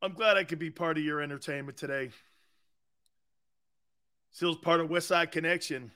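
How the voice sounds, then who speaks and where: A man's voice: a little high, normal speed, sharp tone. A man hosting a sports talk show, telling rambling stories, laughing often and acting out the voices of people he quotes. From Sicilian-American heritage. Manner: laughs often between lines. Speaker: sports radio host.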